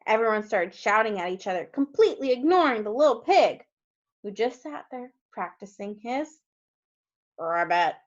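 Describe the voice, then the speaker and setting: A woman, a kindergarten teacher, reading a storybook aloud to young children and gently asking them questions along the way. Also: a little high, expressive, normal speed. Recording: dull lo-fi recording.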